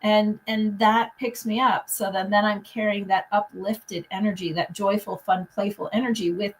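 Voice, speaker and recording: A woman's voice: mid-range voice, steady tone, moderate pace, a little hiss or hum, poor audio. A woman hosting a podcast, chatting in a playful, upbeat way about self-love. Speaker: podcast host. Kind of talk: casual conversational interview.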